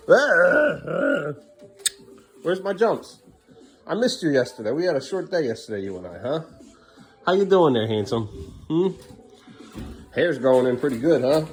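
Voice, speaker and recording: A man's voice: fairly high pitch, sing-song, a little slow, long pauses, slight background noise. A man filming his family at home, talking in a sing-song voice to his kids and muttering weary asides. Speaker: parent vlogger. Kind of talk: casual family vlog.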